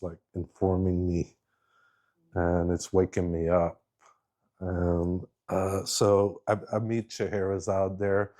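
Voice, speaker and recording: Low-voiced man telling a rambling story. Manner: rambling, animated storyteller with frequent restarts. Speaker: guest speaker. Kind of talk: casual storytelling talk.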